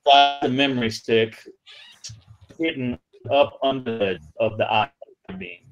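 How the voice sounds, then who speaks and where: A man on a video call telling a halting, rambling anecdote about a museum ship, with many restarts. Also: medium pitch, fairly even intonation, dull audio, over music. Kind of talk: livestream storytelling. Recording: video call audio, feed breaking up.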